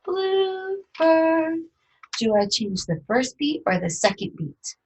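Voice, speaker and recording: A woman teaching a children's music lesson, gently asking questions and singing short phrases and rhythm syllables. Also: medium pitch, expressive, moderate pace, slightly rough.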